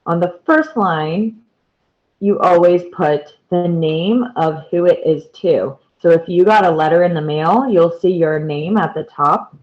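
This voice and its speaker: Woman teacher, measured and deliberate, repeats key words, slow delivery, lo-fi sound. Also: lowish voice. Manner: patient, repeats key words and points to examples. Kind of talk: slow, deliberate classroom explanation.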